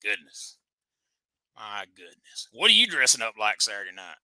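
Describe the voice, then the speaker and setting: A man's voice: fairly low pitch, sing-song, moderate pace, pushed and bright, no room sound. A man hosting a comic show, needling his guest in boastful country banter. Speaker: host.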